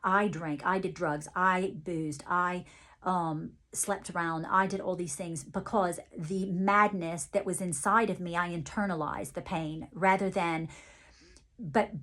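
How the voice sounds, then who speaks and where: Halting, softly playful woman medium. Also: on the low side. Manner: halting, relays messages in first person with frequent restarts. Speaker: psychic medium. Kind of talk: channelled psychic reading monologue.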